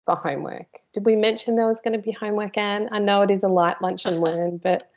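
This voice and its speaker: A woman's voice: mid-range voice, steady tone, brisk, muffled recording. A woman teaching a live workshop, chatty and informal, with playful asides to her host. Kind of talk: live online workshop presentation.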